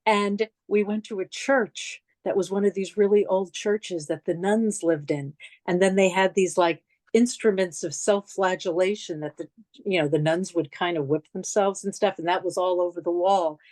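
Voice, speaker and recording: A woman's voice: on the low side, fairly even intonation, moderate pace, a little mellow, no room sound. A middle-aged woman with a New York accent, giving a memorial lecture as conversational, reflective personal storytelling with slides. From New York City. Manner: conversational, reflective, frequent restarts and asides.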